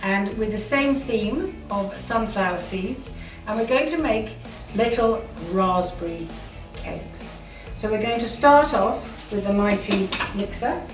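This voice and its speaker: A woman's voice: mid-range voice, lively intonation, takes it slowly, hardly any pauses, over music. A woman hosting a cooking show, chatting enthusiastically as she talks through each step in her home kitchen. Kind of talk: casual cooking demonstration. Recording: roomy kitchen, mic at a distance.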